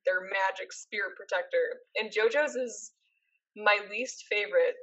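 A woman's voice: mid-range voice, a little slow, fairly bright tone, rough recording. A young woman co-hosting a casual podcast, laid-back with dry short replies. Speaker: podcast co-host. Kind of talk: casual chat.

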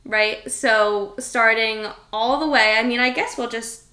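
A woman co-hosting a podcast in casual chat, laying out a theory step by step in a relaxed way. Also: fairly high pitch, measured pace. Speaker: podcast co-host.

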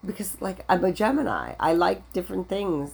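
A woman's voice: on the low side, very animated, moderate pace, creaky, husky. A married woman co-hosting a podcast, chatting in a playful, wry way and laughing often. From Canada. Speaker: podcast co-host. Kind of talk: casual chat.

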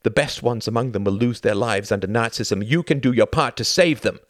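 A man's voice: mid-range voice, fairly quick, dry recording, studio quality, pitched above the performer's own voice, natural voice. A man reading an audiobook, voicing an earnest young man who pleads with urgent, solemn intensity. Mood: pleading.

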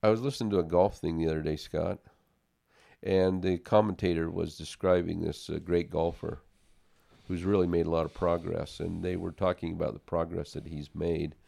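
A man's voice: low voice, level tone, moderate pace, vocal fry, dark tone, no echo, clean studio sound. A man in a casual faith discussion, telling a personal story in an earnest way and often repeating words as he starts a sentence.

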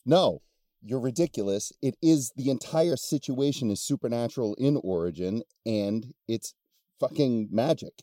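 A man's voice: medium pitch, expressive, normal speed, dark tone, dry recording. A man co-hosting a podcast, joking and self-deprecating, swearing freely, close on the mic. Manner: jokey, self-deprecating, profane. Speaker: podcast co-host. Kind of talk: casual podcast banter.

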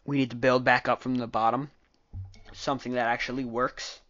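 Man, casual political commentary, opinionated, self-correcting, middle pitch, slightly muffled lo-fi audio. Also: flat delivery, normal speed, fairly bright tone. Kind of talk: casual opinionated debate recap.

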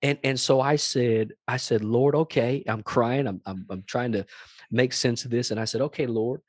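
A man's voice: mid-range voice, fairly even intonation, normal speed, slightly rough, dry recording, studio quality. A man, a pastor, giving a passionate testimony in an interview, emphatic and repeating phrases. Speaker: pastor and executive director, guest.

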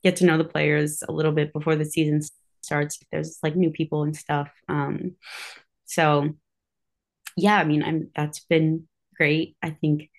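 A woman's voice: sits low, flat delivery, unhurried, gravelly. A woman chatting casually as a podcast guest, talking freely with plenty of "like" and "um". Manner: chatty, filler-heavy with frequent "like" and "um". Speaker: cheerleader for a pro basketball team.

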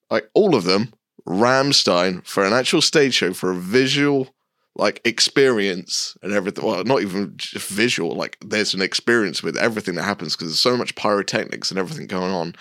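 A man's voice: lowish voice, a bit bright, no room sound, studio quality. A man co-hosting a casual podcast, rambling enthusiastically and laughing often. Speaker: podcast co-host. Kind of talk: casual chat.

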